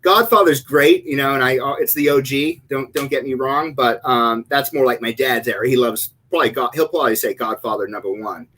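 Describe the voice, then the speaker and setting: A man in his thirties, a shop-owner guest in a casual chat, easygoing and quick to laugh, with some stammering. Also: medium pitch, sharp tone, rough recording.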